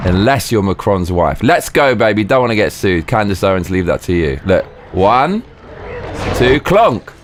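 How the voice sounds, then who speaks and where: Excitable gamer with wild pitch swings. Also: male voice, normal speed, hardly any pauses, background noise. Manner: excitable, swearing, sudden high yelps. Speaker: game streamer. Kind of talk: live gameplay commentary.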